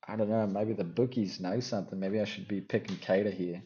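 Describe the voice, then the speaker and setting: A man talking through his fight picks in a put-on Australian accent, rambling and thinking out loud as he second-guesses himself. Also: on the low side, fairly even intonation, fairly quick, dull audio. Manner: rambling, thinking aloud, self-correcting. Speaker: MMA fight picks commentator. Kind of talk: casual fight-pick chat.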